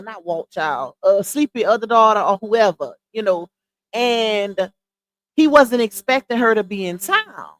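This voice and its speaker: A woman's voice: a little high, fairly bright tone. A woman hosting a live stream, chatting casually and incredulously to her viewers, with laughing asides. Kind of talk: casual commentary on a clip.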